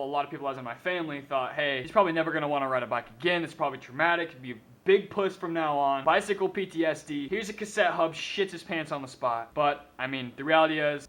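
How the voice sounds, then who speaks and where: Young guy rambling into his camera, cussing a lot, voice a bit on the high side. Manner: profane, rambling, animated storytelling. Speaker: vlogger. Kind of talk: casual storytelling to camera.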